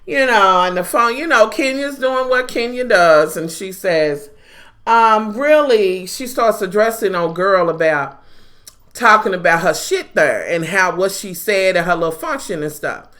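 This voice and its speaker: Bright, sassy woman recapping TV. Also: medium pitch, lively intonation, unhurried. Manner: blunt, profane, sassy running commentary. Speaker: TV recap vlogger. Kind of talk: casual reality-TV review.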